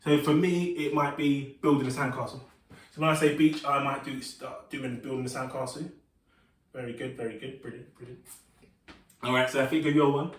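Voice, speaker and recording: A man's voice: medium pitch, fairly even intonation, brisk. A man leading a children's movement and relaxation workshop, upbeat and encouraging, with playful sing-song call-outs. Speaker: workshop leader. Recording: roomy sound, voice from some distance.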